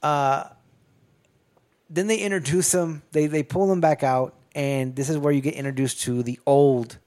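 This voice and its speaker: A man's voice: a little high, steady tone, moderate pace, a little mellow. Man retelling a movie, rambling and profane. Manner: rambling, profane storytelling with many restarts. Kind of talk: casual movie recap chat.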